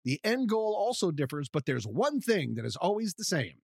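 A man's voice: high-pitched, sing-song, normal speed, gravelly, no room sound, studio quality. A man co-hosting a podcast in casual chat, playful and laughing often, sometimes in a mock game-show announcer voice. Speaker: podcast co-host.

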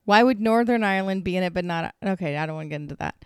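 Earnest woman with a smooth voice. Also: fairly low pitch, racing, no echo, clean studio sound. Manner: earnest, reflective explaining with many restarts; flustered and laughing when teased. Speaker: podcast co-host. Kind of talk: casual chat.

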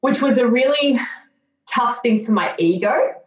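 A woman's voice: a little high, lively intonation, a little slow. A woman in her thirties, a guest telling her own story candidly, reflective and earnest with flashes of self-mocking sarcasm. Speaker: podcast guest. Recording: dull, roomy lo-fi recording.

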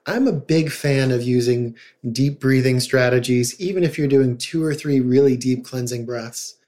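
A man's voice: mid-range voice, normal speed, darkish tone. A middle-aged man, a psychologist guest on a podcast, talking casually and now and then acting out quoted voices. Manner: conversational, acts out quoted voices.

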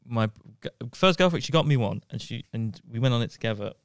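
This podcast co-host speaks at a medium pitch, fast and smooth, spinning stories on a laid-back comedy show and breaking into laughter mid-sentence. The sound is dry and studio-clean.

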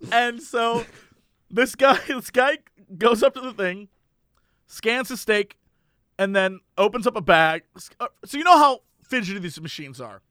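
Man, very high voice, bright tone, animated storyteller, dry close sound. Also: a little slow, no echo. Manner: animated, acts out voices in anecdotes, laughs often. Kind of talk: casual storytelling.

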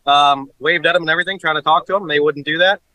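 A man giving a hurried, excited account on a live stream, played as a clip. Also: on the high side, no echo, rough recording. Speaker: activist streamer stopped by police.

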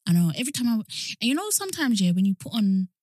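A woman's voice: medium pitch, sing-song, fast, a little mellow, dry recording, clean studio sound. A young woman, co-hosting a casual podcast chat, chatty and laughing easily. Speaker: podcast co-host.

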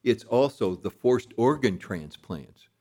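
A man's voice: medium pitch, animated, slow, dark tone. A man speaking as a guest in an interview, telling stories in a grave, emphatic way. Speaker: foundation leader, guest. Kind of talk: interview discussion.

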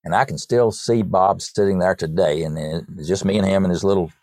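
Deep-voiced older man telling stories. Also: a little fast, dry recording, clean studio sound. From North Carolina, USA. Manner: lively storyteller who repeats words as he goes. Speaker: guest songwriter. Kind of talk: storytelling in a podcast interview.

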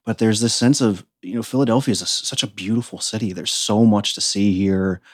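A man's voice: fairly low pitch, a little fast, dry recording, studio quality. A man in his thirties from the United States, a podcast guest telling his story in an earnest, reflective way. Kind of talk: casual interview conversation.

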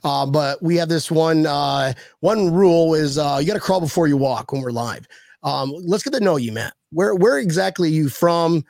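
Man hosting podcast, higher voice, rambling and excitable, dry close sound. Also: normal speed, gravelly, dry recording. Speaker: podcast host.

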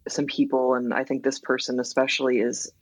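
A woman's voice: a bass voice, monotone, a little fast, no room sound, low-quality recording. A woman songwriter as a podcast guest, talking in a reflective, candid way and using lots of "like" fillers. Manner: reflective, filler-heavy, frequent laughs. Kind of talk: candid interview conversation.

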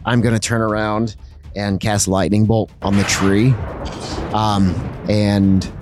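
A man playing a tabletop game, speaking in a somewhat low voice with an easy, hesitant delivery. He talks through his character's moves, stopping for fillers, with faint music behind him. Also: flat delivery, slow. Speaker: player.

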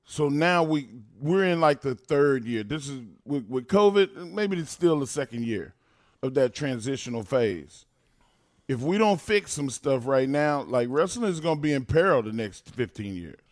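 A man co-hosting a casual talk show who gets fired up and bursts into loud, animated rants. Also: mid-range voice, moderate pace, no room sound, clean studio sound. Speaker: podcast co-host. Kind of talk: casual chat.

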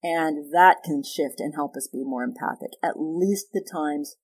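A woman therapist as a podcast guest, explaining ideas through animated stories and acted-out dialogue. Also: sits low, a little slow, breathy edge. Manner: animated storyteller, acts out quoted dialogue. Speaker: guest sex therapist and psychologist. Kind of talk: conversational podcast interview.

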